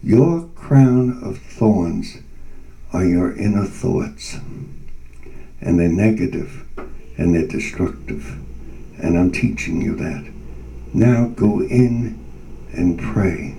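A man giving voice to a calm divine inner voice. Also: on the low side, unhurried, vocal fry, far from the mic, a little hiss or hum, poor audio. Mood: solemn. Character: calm divine male inner voice, gently commanding.

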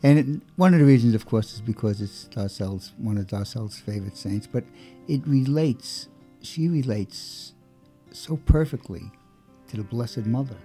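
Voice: mid-range voice, normal speed, dark tone, faint music behind. A radio co-host chatting casually and eagerly, building emphasis.

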